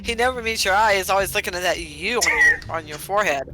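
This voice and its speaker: A woman's voice: medium pitch, animated, quick pace, loud music behind the voice. A woman playing a tabletop game, describing her character with rambling, laughing talk full of fillers. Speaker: player.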